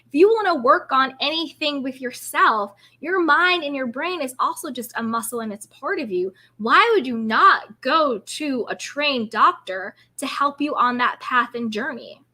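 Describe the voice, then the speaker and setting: Upbeat woman life coach hosting a live stream, bright and somewhat high voice, casual and encouraging. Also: lively intonation, a little slow, few pauses. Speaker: self-care coach and live-stream host.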